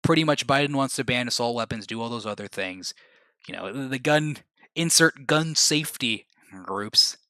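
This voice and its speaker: A man's voice: medium pitch, animated, normal speed, bright, forceful tone, no room sound. A man hosting a livestream, rambling casually, restarting sentences and laughing at his own remarks. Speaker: livestream host.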